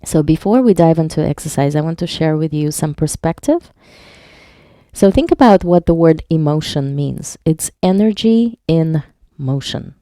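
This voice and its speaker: A woman's voice: sits low, expressive, normal speed, mellow, dry recording, clean studio sound. A woman hypnotherapist leading a live online workshop, reading viewers' chat aloud and explaining patiently, with some wordplay. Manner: plays on words while teaching.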